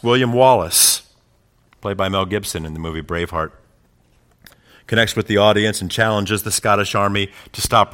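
A man preaching a sermon who swells into loud, rousing passages and then drops to quiet, reflective asides. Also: fairly low pitch. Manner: builds to loud climaxes quoting speeches. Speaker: pastor.

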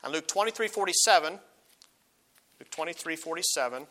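A middle-aged man preaching a sermon as a pastor, earnest, slowing down and rising when he reads scripture aloud. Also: on the high side, expressive, sharp tone. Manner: earnest, slows and rises on quoted verses.

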